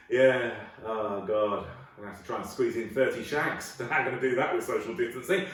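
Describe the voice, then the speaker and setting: A man's voice: medium pitch, normal speed, fairly bright tone. A man doing a crude, chatty stand-up comedy set from home. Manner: chatty, crude, swaps into character voices. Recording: echoey room, distant mic.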